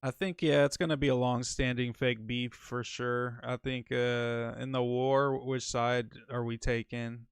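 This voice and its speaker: A man's voice: medium pitch, level tone, unhurried, few pauses, smooth, no echo, clean studio sound. A man with a Northern Californian accent, co-hosting a casual livestream podcast in laid-back slangy banter. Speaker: podcast co-host.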